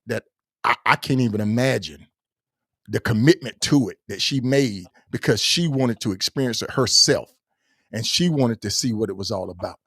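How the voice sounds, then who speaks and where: A man's voice: mid-range voice, dry recording, clean studio sound. A man hosting a motorcycle podcast, talking in an enthusiastic, repetitive way and greeting listeners by name. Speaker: podcast host. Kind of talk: casual podcast chat.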